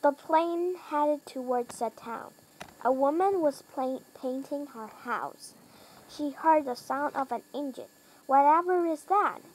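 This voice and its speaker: A woman reading a children's storybook aloud, slowly and carefully, with small slips that she corrects. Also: a little mellow, rough recording. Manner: lifts pitch and volume for characters' lines. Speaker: reader.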